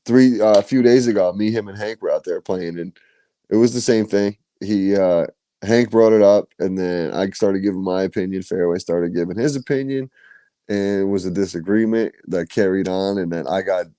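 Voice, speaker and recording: Mellow, low-voiced podcast co-host man. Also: moderate pace, no room sound. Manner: blunt, casual, swears freely. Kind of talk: casual podcast chat.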